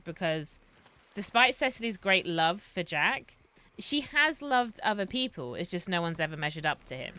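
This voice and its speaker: A woman's voice: medium pitch, expressive, moderate pace, sharp tone. A woman streaming a roleplay game, chatting in a rambling way and laughing often. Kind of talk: casual chat while streaming a roleplay game.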